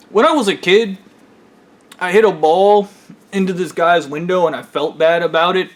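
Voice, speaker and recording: A man's voice: high-pitched, moderate pace. Rambling, profane man with a raised voice. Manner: profane, rambling, full of fillers and restarts. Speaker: storyteller recounting his own experiences. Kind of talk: rambling casual storytime monologue.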